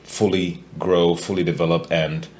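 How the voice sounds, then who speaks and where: A man hosting a casual podcast chat, halting often with fillers and restarts as he gathers his thoughts. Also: sits low, little pitch movement, darkish tone, slight background noise. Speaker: podcast host.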